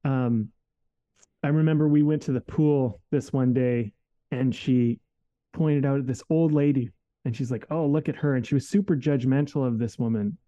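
A man's voice: mid-range voice, normal speed, mellow, dull audio. A man telling a personal story in a casual, reflective way, candid and full of fillers and restarts.

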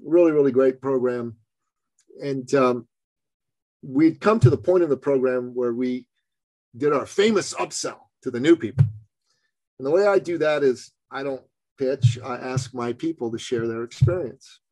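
Animated male storyteller, dry close sound. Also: mid-range voice, normal speed, dry recording. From Canada. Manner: animated storyteller, acts out quotes. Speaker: business coach guest. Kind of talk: storytelling in a podcast interview.

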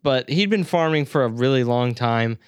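A man talks through a movie review in a loose, joking way, often crude and quick to laugh. His voice comes across smooth and resonant. The sound is close and dry, with no room around it. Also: medium pitch, animated, no room sound. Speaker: podcast co-host. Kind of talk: casual movie review chat.

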